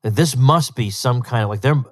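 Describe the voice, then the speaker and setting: A man's voice: medium pitch, normal speed. A man hosting a solo podcast, talking emphatically and with disbelief, often repeating words for stress. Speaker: podcast host.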